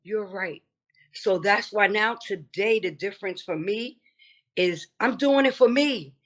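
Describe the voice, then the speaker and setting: A woman's voice: medium pitch, a little slow. An older woman with an East Coast American accent, a guest on an interview show telling her story animatedly. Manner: warm, grateful, animated storytelling. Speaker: guest business founder. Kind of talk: casual interview chat.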